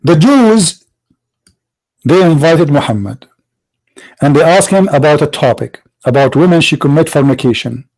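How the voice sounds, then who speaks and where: A man's voice: on the high side, lively intonation, normal speed, long pauses, darkish tone, poor audio. A man hosting a religious debate show, mocking and confrontational, firing rhetorical questions in broken English. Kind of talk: combative religious debate monologue.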